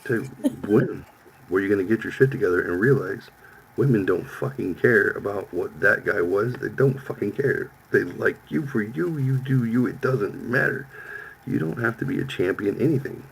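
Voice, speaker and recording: A man's voice: on the low side, moderate pace, vocal fry, a little hiss or hum, poor audio. A man in his fifties, a podcast host telling a profane story in casual chat, acting out the lines of the people in it. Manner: profane, animated storytelling with quoted voices.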